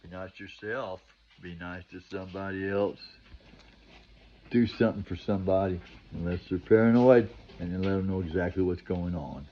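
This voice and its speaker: An older man talks to his viewers in a loose, meandering way, stopping and restarting and filling gaps with "you know." His voice sits low, and he slips into preachy advice. The recording sounds dull and lo-fi. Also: moderate pace, slight background noise. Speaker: vlogger. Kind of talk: rambling monologue to camera.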